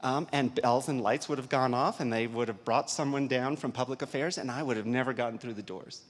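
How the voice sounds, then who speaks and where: A man, an investigative reporter, telling a lively anecdote at a conference talk. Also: medium pitch, a little fast. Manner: lively anecdotal storyteller, reads aloud then chats. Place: large convention hall. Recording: echoey hall.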